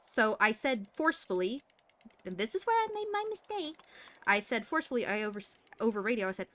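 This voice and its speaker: A woman's voice: fairly high pitch, very animated, brisk, fairly bright tone. A woman streamer playing a doctor in roleplay, telling a story in character and acting out radio calls and quotes with feeling.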